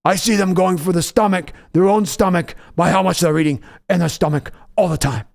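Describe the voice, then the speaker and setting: A man's voice: high-pitched, fairly quick, gravelly, voice pushed up. A man putting on a blustery, preachy football pundit voice, speaking in short punchy sentences for mock panel banter.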